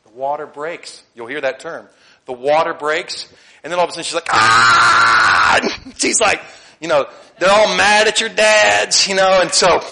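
Male preacher, high voice, bright tone, animated, lots of questions to the room. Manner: animated, conversational, asks the room questions, laughs often. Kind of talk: sermon.

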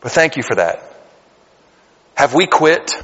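A man's voice: mid-range voice, sing-song, measured pace, fairly bright tone, slightly rough, in a large hall. A man in his late forties preaching a sermon, talking to the congregation in a conversational way and building to emphatic bursts. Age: 40s. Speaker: pastor. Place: church sanctuary.

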